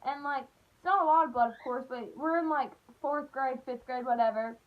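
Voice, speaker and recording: A young woman telling stories in a chatty, animated way, full of "like.". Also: sits high, moderate pace, dull audio. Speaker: vlogger. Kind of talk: casual storytime.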